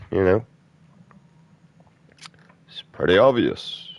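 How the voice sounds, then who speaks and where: A man's voice: very deep voice, animated, unhurried, vocal fry, no room sound, lo-fi sound. A man, a gaming streamer delivering an aggressive, profane rant in blunt slang. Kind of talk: angry off-topic rant during gameplay.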